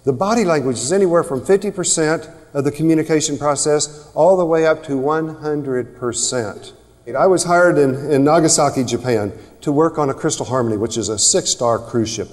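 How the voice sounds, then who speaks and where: Speaking on communication to a live seminar crowd, a man with a somewhat high, slightly mellow voice delivers a motivational talk full of rhetorical questions. A long hall reverb surrounds the sound.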